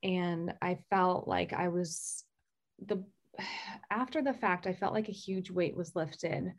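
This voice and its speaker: A woman telling a candid personal story, halting and restarting often with fillers. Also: fairly low pitch. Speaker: guest sharing recovery story.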